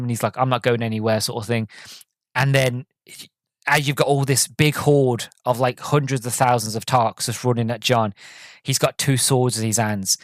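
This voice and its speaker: A man hosting a podcast, reviewing a movie in a rambling, excitable monologue full of stumbles and restarts. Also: medium pitch, no echo, studio quality. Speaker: podcast host.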